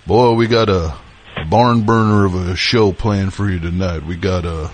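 A folksy country radio-style host, as a man puts him on, low and drawling. He rambles on with plenty of "boy" and "uh" between words. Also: fairly even intonation, moderate pace, slight background noise, lightly acted.

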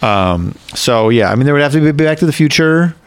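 A man's voice: on the high side, animated, a little fast, clean tone, dry recording. A man co-hosting a casual comedic podcast, joking and laughing often. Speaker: podcast co-host.

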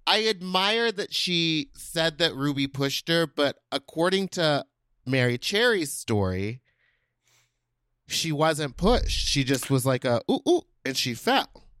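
Podcast guy spilling the tea, lively pitch, dramatic delivery. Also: slow, smooth, dry recording, studio quality. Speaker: podcast co-host. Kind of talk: casual gossip chat.

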